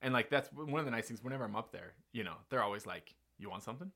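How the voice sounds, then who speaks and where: A man's voice: mid-range voice, animated, rapid-fire, pushed and bright. A man hosting a podcast, telling a long story in a casual, rambling way with lots of fillers and restarts.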